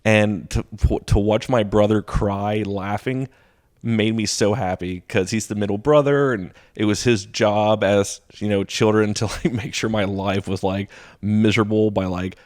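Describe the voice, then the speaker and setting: Young adult male stand-up, relaxed podcast guest, lowish voice, animated storyteller who plays out other people's lines. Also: measured pace. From Texas. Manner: animated, laughs while telling stories, acts out quoted voices. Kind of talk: casual storytelling chat.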